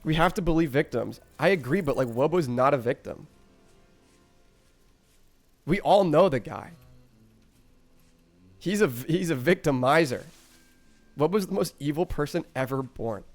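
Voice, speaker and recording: A man's voice: fairly high pitch, expressive, unhurried, long pauses, soft background music. A man streaming live, telling a rambling story to his chat, swearing freely and often breaking into laughter.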